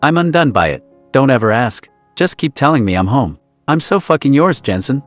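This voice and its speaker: A man's voice: medium pitch, very animated, normal speed, no room sound, soft background music, natural voice. A man voicing an earnest, emotional young lover. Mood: tender. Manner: emotional, earnest, swears often.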